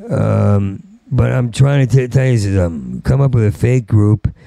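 A man's voice: medium pitch, a little slow, gravelly, mellow, dry recording. A middle-aged man doing a rambling, profane stand-up rant, stuttering and restarting his words. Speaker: stand-up comedian.

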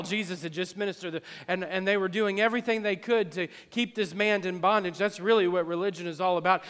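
A male pastor with a high voice delivers a sermon in a church sanctuary. He repeats his phrases for emphasis and moves between hushed and loud passages. The sound carries a long hall reverb. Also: fairly quick, few pauses, smooth. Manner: impassioned, repetitive preaching that swings from hushed to loud.

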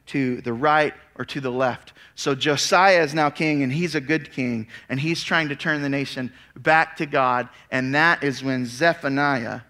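A man preaching a sermon, reading scripture aloud and then retelling it as a lively story with casual asides. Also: medium pitch, measured pace, few pauses. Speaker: pastor. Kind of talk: expository sermon.

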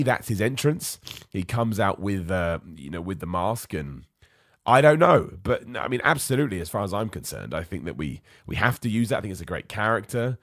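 Ranty man with a lively voice. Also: lowish voice, no echo, clean studio sound. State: ill, voice going. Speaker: wrestling podcast host. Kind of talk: live-streamed podcast rant.

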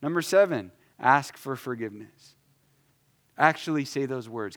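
A man in his thirties preaching a sermon, emphatic, shifting between loud stresses and soft asides. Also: medium pitch, expressive, unhurried. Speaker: pastor.

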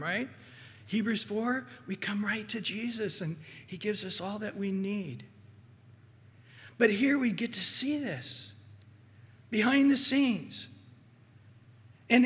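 High-voiced pastor preaching in a reverberant hall. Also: male voice. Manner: animated, acts out quoted voices. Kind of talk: sermon.

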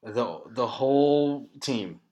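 A man's voice: medium pitch, lively intonation, takes it slowly, a crowd in the background. A man co-hosting a casual sports podcast, teasing and mock-dramatic. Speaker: podcast co-host.

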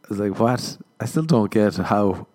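An Irish man hosts a solo comedy podcast, spinning rambling, self-mocking stories and acting out the dialogue. His voice is on the low side and darkish, expressive, and moves at a moderate pace.

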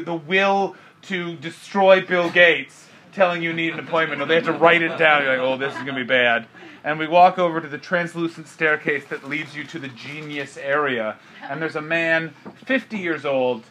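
High-voiced man doing animated stand-up. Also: background noise. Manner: animated storytelling, swings between mutters and near-shouts. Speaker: stand-up comedian. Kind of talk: stand-up comedy. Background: audience laughter.

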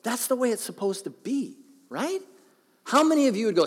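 A man's voice: very high voice, big pitch swings, normal speed. A middle-aged man giving a sermon as pastor, conversational and joking. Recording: long hall reverb.

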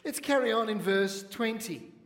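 A man's voice: sits high, lively intonation, normal speed, fairly bright tone. A man preaching a sermon as pastor, emphatic, having the congregation repeat key phrases after him. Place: church hall. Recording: echoey church hall with long reverb.

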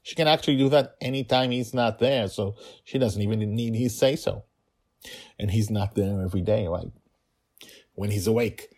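A man, the author, reading his own story podcast with hurried, chatty asides. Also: fairly low pitch, darkish tone. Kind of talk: storybook narration with casual asides.

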